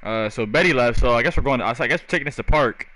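A man's voice: medium pitch, fast talker, sharp tone, dry recording. A young man casually commentating his own basketball video game with friends, in laid-back, slang-heavy talk. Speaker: gaming streamer. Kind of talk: casual live gameplay commentary.

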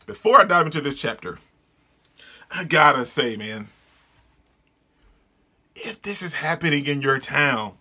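Excitable man reacting loudly. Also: on the high side, a little slow, long pauses. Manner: excitable, exclaiming and yelling in disgust. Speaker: manga reader and reviewer. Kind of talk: reading a comic aloud with live reactions.

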